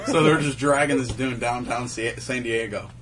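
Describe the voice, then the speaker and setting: A man's voice: medium pitch, moderate pace, far from the mic. A man co-hosting a casual chat who tells stories from a night out, laughing as he goes. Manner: animated, laughing while telling stories. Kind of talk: casual storytelling among friends. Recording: crowd noise behind.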